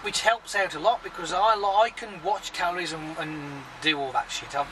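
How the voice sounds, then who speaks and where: A man's voice: high voice, moderate pace, recorded from a distance, noisy background. A man chatting casually to his viewers in a rambling, sweary vlog, talking freely. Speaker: vlogger.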